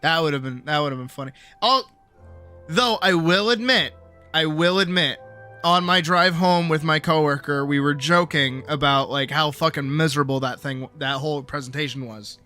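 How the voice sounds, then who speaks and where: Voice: medium pitch, moderate pace, bright, forceful tone, soft background music. A young adult streamer telling a work story in casual chat, swearing freely and acting out quoted voices.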